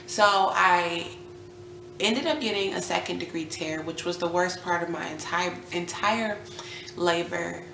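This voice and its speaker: A woman's voice: on the low side, unhurried, gravelly, background noise. A young woman vlogging casually, telling a personal story and acting out what people said, sometimes dropping almost to a whisper. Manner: animated, reenacts quotes, drops to near whisper at times. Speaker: vlogger, new mother. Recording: echoey room with faint ambience.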